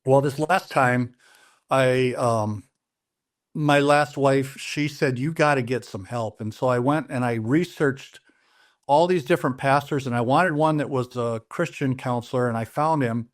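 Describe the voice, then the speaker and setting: A man's voice: medium pitch, a little slow. A middle-aged man telling his personal story in an interview, earnest and plain-spoken, often restarting his sentences as he retells conversations. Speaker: interview guest.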